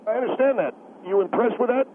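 A man's voice: sits high, quick pace. A man arguing insistently as a radio show guest, repeating himself and talking over callers. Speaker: studio guest. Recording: narrow phone-line sound with faint hiss.

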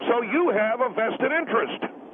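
A man voicing a pompous, combative male guest with a high, nasal, sneering voice who mocks and repeats himself on a radio call-in. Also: animated, measured pace. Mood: smug, mocking. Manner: mocking, repeats himself, drags out words. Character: shrill pompous male official, smug and combative. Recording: tinny radio phone line with hiss.

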